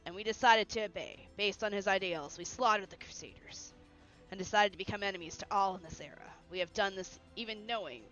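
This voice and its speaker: A woman's voice: medium pitch, a little fast, a bit bright, lo-fi sound, faint music behind, lightly acted. A woman reading a stern, unyielding knight. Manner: formal, clipped commands.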